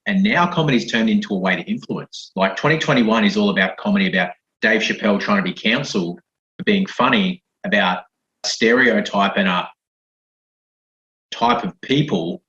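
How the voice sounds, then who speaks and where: A man's voice: lowish voice, moderate pace, sharp tone. A man hosting a podcast, rambling and thinking aloud as he asks loose questions in a casual interview. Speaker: podcast host. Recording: roomy, dull lo-fi sound.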